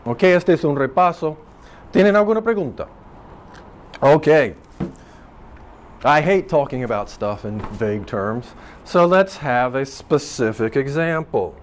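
A man's voice: mid-range voice, animated, takes it slowly, long pauses, slight background noise. A man teaching a class, explaining patiently and switching between two languages. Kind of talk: classroom lecture.

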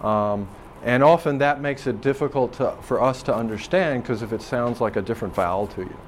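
A man's voice: medium pitch, brisk, a little hiss or hum. A man teaching a linguistics class, explaining dialect differences in a loose, searching way with plenty of ums and restarts. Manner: rambling and thoughtful, with frequent ums and restarts. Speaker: language professor. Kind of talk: classroom lecture.

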